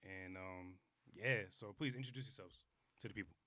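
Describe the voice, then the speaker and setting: A man's voice: deep voice, moderate pace, sharp tone, slight background noise. A young man hosting a podcast, talking in a rambling, laid-back way with casual slang. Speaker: podcast host.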